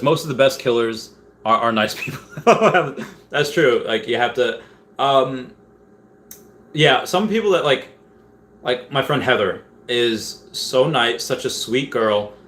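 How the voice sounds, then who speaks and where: A man's voice: medium pitch, a bit bright. A young man hosting a casual livestream from home, rambling as he reads viewer comments aloud. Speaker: livestream host. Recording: faint background noise.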